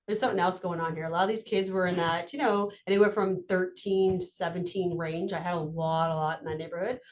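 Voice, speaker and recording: A candid, chatty woman is being interviewed. Her voice sits low, and she talks openly about her work. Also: fairly even intonation, a little mellow, a little hiss or hum. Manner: candid, chatty, quick laughs. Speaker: parking enforcement officer. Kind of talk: conversational interview.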